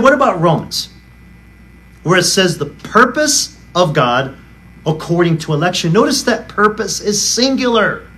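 A man's voice: on the high side, a bit bright. A male pastor preaching a sermon, arguing emphatically and firing off rhetorical questions. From United States.

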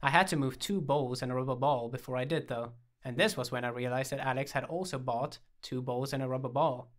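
Man, storyteller, first-person comic story, dry deadpan delivery, acts out dialogue. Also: mid-range voice, fairly quick.

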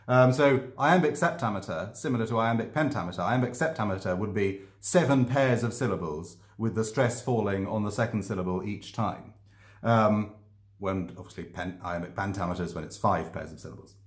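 A man's voice: lowish voice, animated, normal speed. A man talking about his own writing to camera, thoughtful and hesitant, with many ums and restarts. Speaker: author discussing his writing. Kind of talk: casual explanatory vlog. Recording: echoey room.

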